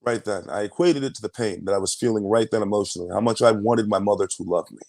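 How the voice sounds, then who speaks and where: Fast-talking young man telling his story. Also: fairly low pitch, gravelly, darkish tone, no room sound. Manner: fast, emphatic storytelling with profanity and many restarts. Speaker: interview guest. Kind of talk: candid storytelling interview.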